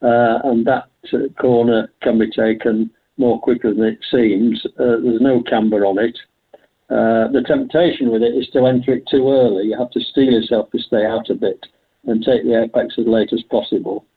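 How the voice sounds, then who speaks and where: An older man joins the interview over a tinny, phone-like line. He tells his stories in a chatty, anecdotal way and laughs often. His pitch sits in an ordinary middle range. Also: steady tone, moderate pace, husky. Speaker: guest, veteran hill climb driver. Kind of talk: conversational interview.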